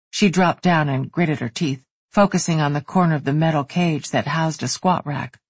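A woman narrates an audiobook in an even, steady read. Her voice is husky and a little breathy, recorded close and dry with no room sound. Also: deep voice, moderate pace, hardly any pauses, no echo. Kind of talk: scripted narration.

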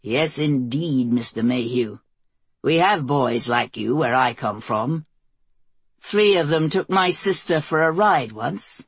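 A woman voicing a cold, menacing southern man with a gun, speaking slowly with a southern twang. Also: low-pitched, expressive, husky, no echo, pitched below the performer's own voice, heavily acted. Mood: cold menace. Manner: deliberate, grim, quietly threatening.

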